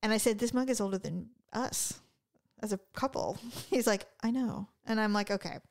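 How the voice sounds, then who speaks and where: A woman's voice: mid-range voice, normal speed, creaky. A middle-aged woman co-hosting a podcast, telling a story in casual chat and acting out both sides of a conversation. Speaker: podcast co-host.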